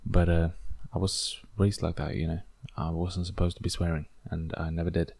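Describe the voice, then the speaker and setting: A man with a deep, flat voice and a gravelly edge rambles through his solo podcast, joking at his own expense and pausing often on fillers. English is not his first language. The sound is close and dry, with no room echo. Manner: rambling, self-deprecating, many fillers. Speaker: podcast host. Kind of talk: casual solo podcast, reacting to tweets.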